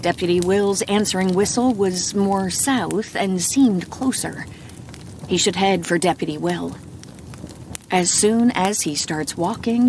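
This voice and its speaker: A woman narrating a bedtime audiobook in a calm, soft reading voice. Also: medium pitch, a little hiss or hum.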